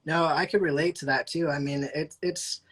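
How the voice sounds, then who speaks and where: A man's voice: fairly high pitch, steady tone, moderate pace, fairly bright tone. A male host in a casual interview, affirming his guest and laughing along.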